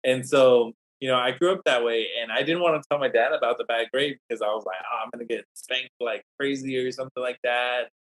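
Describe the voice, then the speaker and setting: A man's voice: mid-range voice, fast talker, hardly any pauses, a bit bright, low-quality recording. Scholar guest, male, mid-range voice; chatty, meandering anecdotes with false starts. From Native American community. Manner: rambling, anecdotal, many restarts. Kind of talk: podcast interview storytelling.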